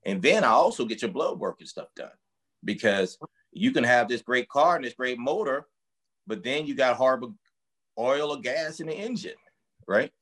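This man, a strength and conditioning coach for boxers, has a medium-pitched, slightly bright voice and an animated delivery at a moderate pace. In a casual interview, he explains his work through emphatic, vivid analogies.

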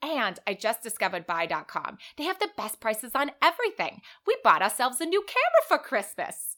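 Woman putting on a gushing middle-aged lady author, thick put-on accent, high and loud, bright pushy tone, emphatic and bubbly. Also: wildly swooping pitch, a little fast.

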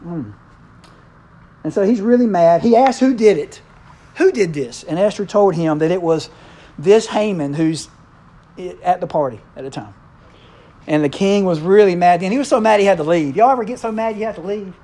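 A man, preaching in a relaxed, chatty way. He jokes with the congregation and slips into quick voices for the people in the story. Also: high voice. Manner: playful, acts out characters' lines in quick voices. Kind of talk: casual conversational sermon.

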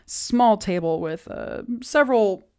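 A woman narrating a tabletop game as its game master. She describes rooms and sounds in detail and pauses often with fillers. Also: medium pitch, lively intonation, a little mellow, smooth.

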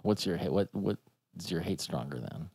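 A man chatting loosely on a podcast, his pitch jumping up and down as he riffs. He talks in half-started sentences and wanders between ideas. The sound is dry and close. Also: expressive, moderate pace, a little mellow, slightly rough, no room sound. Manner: rambling, riffing, lots of restarts and fillers. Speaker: podcast co-host. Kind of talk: casual chat.

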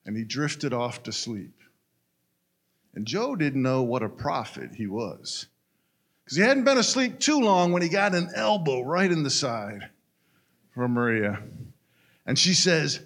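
Folksy man telling a story, slightly high voice. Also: expressive, normal speed, fairly bright tone. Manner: conversational, folksy, addresses listeners directly. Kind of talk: storytelling in a casual retelling.

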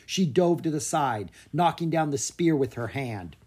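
A narrator reads a children's dragon adventure with a slightly breathy, husky tone. The delivery swings up and down in pitch, keeping the story animated for young listeners. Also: unhurried. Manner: lively read-aloud with voiced characters. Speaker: audiobook narrator.

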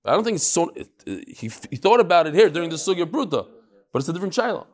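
A man teaching a live daily Talmud class, talking quickly and animatedly, with frequent restarts and Hebrew terms. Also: a little high, very animated, a little mellow.

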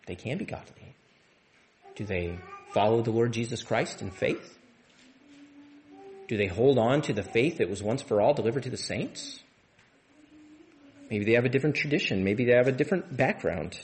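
A man's voice: medium pitch, expressive, normal speed, long pauses. Man preaching a conversational sermon. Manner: conversational, repeats words and restarts often. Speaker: pastor. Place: church.

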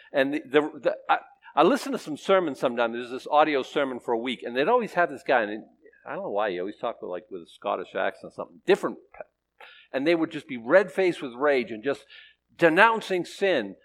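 A man's voice: medium pitch, fairly bright tone. A man preaching a conversational sermon, chatty and self-questioning, with playful asides to the congregation. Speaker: pastor.

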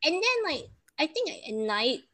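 A woman's voice: high-pitched, very animated, a little slow, bright, forceful tone. A young woman, chatting casually and emotionally retelling a bad experience. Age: young adult. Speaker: storyteller. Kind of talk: casual chat.

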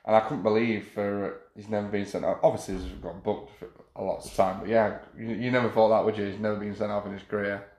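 A man co-hosting a casual football podcast, speaking haltingly and restarting his sentences. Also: fairly low pitch, flat delivery, darkish tone, reverberant. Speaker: podcast co-host.

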